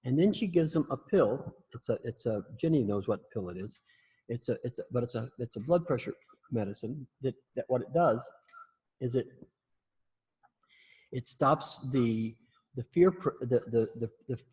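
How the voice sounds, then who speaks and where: A man's voice: medium pitch, a little mellow, breathy edge. A man teaching a class in a casual spoken style, often repeating and restarting his words, with blunt, salty humor. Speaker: instructor.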